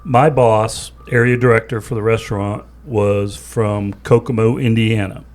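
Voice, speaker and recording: A man's voice: lowish voice, fairly even intonation, a little slow, darkish tone. Chatty Pittsburgh-accented man telling stories. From southwestern Pennsylvania. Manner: storytelling, laughs often. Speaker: podcast co-host. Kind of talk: casual chat.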